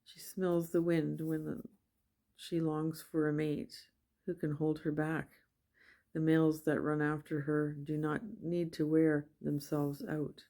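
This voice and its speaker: A woman reading scripture aloud at a steady pace, with small slips and self-corrections. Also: low-pitched, measured pace. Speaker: Bible reader.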